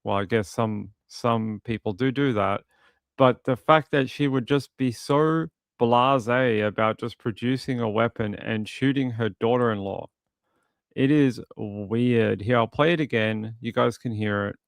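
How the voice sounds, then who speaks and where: Gravelly man commenting casually. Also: medium pitch, measured pace, no room sound. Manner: animated, mocking retellings. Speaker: true crime commentator.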